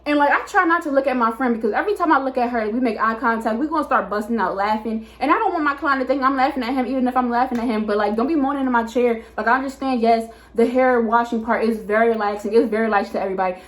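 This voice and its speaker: A woman's voice: fairly high pitch, very fast, hardly any pauses. Chatty young woman telling a story. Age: 20s. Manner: chatty, animated, lots of "like" and repeats. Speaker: hairstylist and vlogger. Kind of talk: casual storytime vlog. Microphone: camera mic.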